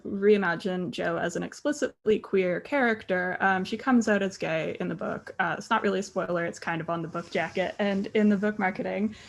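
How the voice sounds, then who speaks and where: A woman's voice: mid-range voice, gravelly. A woman in her thirties on a book panel, speaking hesitantly with many fillers, her voice breaking with emotion. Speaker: graphic novel author on a panel. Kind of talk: panel discussion.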